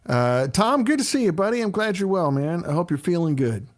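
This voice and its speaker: A man's voice: sits high, very animated, fairly quick. A middle-aged man hosting a casual livestream, chatting loosely and greeting viewers by name as he answers their questions.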